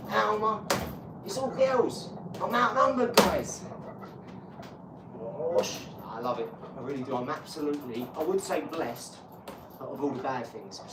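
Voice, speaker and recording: Bloke in his 40s rambling on a live stream mid boxing workout, swears a lot, echoey room, mic a way off. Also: sits high. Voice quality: animated, rambling, swears freely. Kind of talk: casual chat during a boxing workout. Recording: echoey room, distant mic, loud noise.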